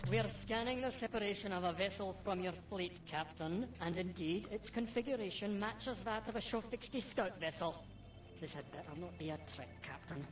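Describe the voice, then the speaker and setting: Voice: mid-range voice, normal speed, recorded from a distance, close to an everyday voice. An actor voicing a proud, honor-bound alien starship captain in a video game, with formal, oddly phrased speech. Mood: stern.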